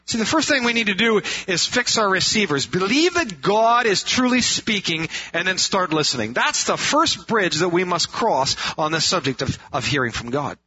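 A man's voice: high voice, big pitch swings, normal speed, hardly any pauses, bright, forceful tone, slight background noise. A man preaching a sermon in an earnest way, asking rhetorical questions and repeating phrases for emphasis. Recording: dull lo-fi sound.

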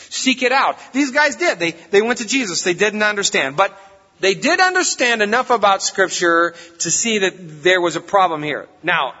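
A man with a high, sharp-toned voice preaches a sermon as a pastor, speaking in a conversational, folksy way. It was recorded in a church hall, with a reverberant, dull lo-fi sound.

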